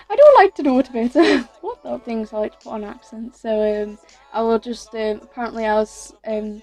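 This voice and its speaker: A teenage girl talks her way through a casual Q&A vlog, her voice pitched a little high. She rambles, fills gaps with "um" and "like", and corrects herself mid-sentence. Faint music plays quietly behind her. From England. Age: teens. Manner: chatty and rambling, many fillers and self-corrections. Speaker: YouTuber.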